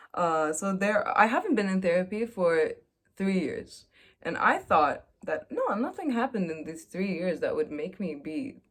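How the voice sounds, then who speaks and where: Young woman, vlogger, lowish voice, candid chatty storyteller, self-mocking. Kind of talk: casual confessional chat.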